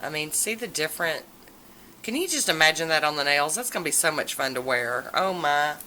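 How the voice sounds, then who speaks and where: A woman chatting casually and enthusiastically in a haul video, with drawn-out exclamations. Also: low-pitched, lively intonation, sharp tone, slight background noise, poor audio. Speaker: nail polish vlogger.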